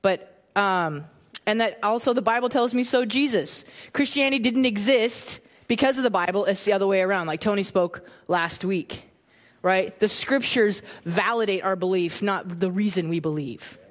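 A woman preaching a sermon in a casual, animated way, often repeating phrases for emphasis. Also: mid-range voice, moderate pace. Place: church.

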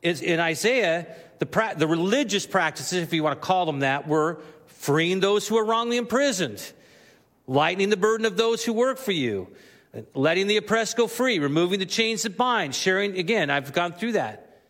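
A man's voice: sits high, animated, normal speed, fairly bright tone, long reverb tail. A man preaching a sermon as the pastor, earnest and rising to emphatic exhortation. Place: church sanctuary.

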